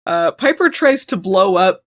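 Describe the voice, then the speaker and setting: A woman's voice: mid-range voice, sing-song, measured pace. A woman hosting a podcast, giving a casual, sarcastic recap of a TV episode, often laughing and slipping into mock voices. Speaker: podcast host.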